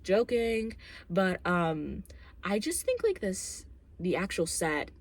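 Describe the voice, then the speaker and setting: A woman's voice: medium pitch, sing-song, slow pace. A young woman vlogging, chatting casually about a film and book, rambling with lots of fillers and jokey asides.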